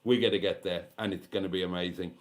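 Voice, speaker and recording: British bloke in his 50s chatting on a livestream, kinda low voice, sounds knackered and a bit tipsy. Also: steady tone, fast talker. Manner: chatty, swearing, self-deprecating. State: tired and tipsy. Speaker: vlogger hosting a live stream. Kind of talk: casual live chat reading comments.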